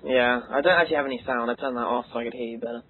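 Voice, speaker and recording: An English teenage boy hosting a casual let's play chat, joking and rambling with excitable bursts. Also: medium pitch, racing, slightly rough. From England. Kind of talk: casual gaming commentary chat. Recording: tinny lo-fi voice-call audio.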